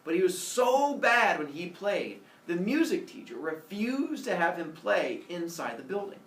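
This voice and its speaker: A teacher telling a myth to his class in an animated, playful way with sound effects. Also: high-pitched, measured pace. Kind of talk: storytelling to a class. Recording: echoey classroom, from a distance.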